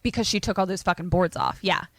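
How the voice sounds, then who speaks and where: A woman podcast co-host casually retelling a horror film plot, animated and swearing freely. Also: lowish voice, quick pace, dry recording. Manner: animated, swearing, lots of fillers.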